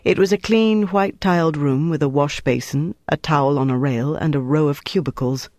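An audiobook narrator reading a wartime thriller with an even, steady delivery. The voice is mid-pitched and the recording is dry with no room sound. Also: moderate pace, dry recording. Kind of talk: scripted narration.

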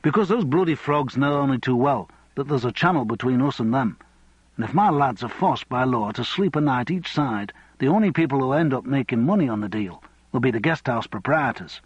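A gruff, no-nonsense union boss with a Liverpool accent, as a male reader puts him on. The husky voice sounds dull and dry, as if recorded close in a padded studio. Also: mid-range voice, lively intonation, brisk, no echo. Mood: blunt. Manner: gruff, blunt. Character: blunt Liverpool union boss, middle-aged man.

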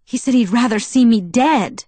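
A woman's voice: mid-range voice, lively intonation, normal speed, a little mellow, dry recording, voice pushed up, natural voice. A woman reading an earnest, anxious teenage girl. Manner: eager, questioning, slightly raised. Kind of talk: audiobook dialogue reading.

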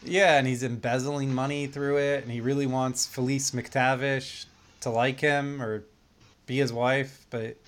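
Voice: medium pitch, steady tone, a little slow. A podcast co-host chatting casually about an old film, laughing often and making sarcastic asides. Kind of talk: casual film review chat.

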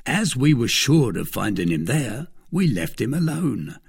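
A man narrates a classic adventure novel. His voice is husky and gravelly. He reads expressively, letting his pitch rise and fall a lot. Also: a little slow. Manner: expressive storybook reading. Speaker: audiobook narrator. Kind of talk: scripted narration.

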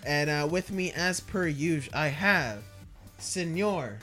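A man's voice: a little high, lively intonation, takes it slowly, loud music behind the voice. A man hosting a casual podcast, telling rambling stories and laughing often as he talks. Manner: rambling storyteller, laughs a lot. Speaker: podcast host.

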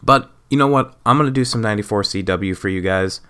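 Bright clear-voiced man ranting profanely. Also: on the low side, fast. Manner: sarcastic, profane, rambling. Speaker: podcast host. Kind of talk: casual solo rant.

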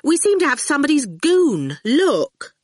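A jittery young woman student who frets over every word, as a woman narrator puts her on. Her voice rides high and lively. It is dry and close. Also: measured pace, dry recording. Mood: anxious. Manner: fretful, fidgety.

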